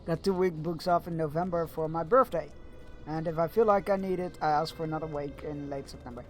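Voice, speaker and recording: A man's voice: fairly high pitch, fairly even intonation, a little fast, faint music behind. A man chatting casually with his viewers while he streams a video game. He rambles a bit and fills gaps with "uh". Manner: rambling and chatty, with many fillers. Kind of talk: casual chat while gaming.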